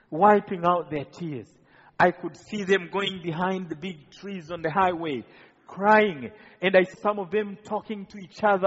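A man preaching a testimony sermon, impassioned and building to near shouts at its peaks. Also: high-pitched, slightly rough. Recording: muffled audio with long hall reverb.

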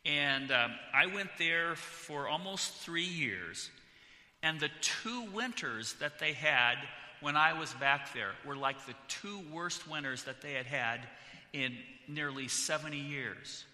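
With a slightly high, sharp voice, a middle-aged California pastor speaks slowly and with lively intonation. His announcements before the sermon are chatty and joking, with frequent restarts, and the church sanctuary adds noticeable hall reverb.

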